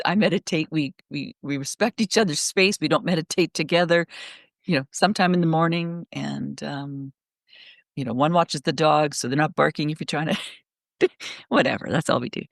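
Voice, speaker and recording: A middle-aged woman on a remote call, telling stories in a rambling, animated way, full of restarts. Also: deep voice, no echo, studio quality. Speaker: guest speaker. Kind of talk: casual podcast conversation.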